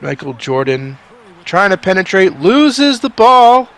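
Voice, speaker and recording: A man doing play-by-play for a basketball video game simulation, swinging from calm asides to excited outbursts, a bit sick. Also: sits high, normal speed. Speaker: video game sim commentator. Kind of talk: play-by-play commentary.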